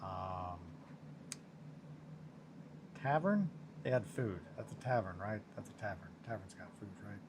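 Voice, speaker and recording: A man's voice: deep voice, fairly even intonation, fairly quick, few pauses, background noise. A man chatting casually and rambling with viewers from his home studio, self-mocking and swearing now and then. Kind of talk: casual chat.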